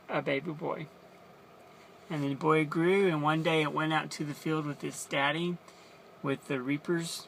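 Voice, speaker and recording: A man's voice: a little high, gravelly, fairly bright tone, slight background noise. A man casually retelling a Bible story as a teacher, chatty and explaining as he goes.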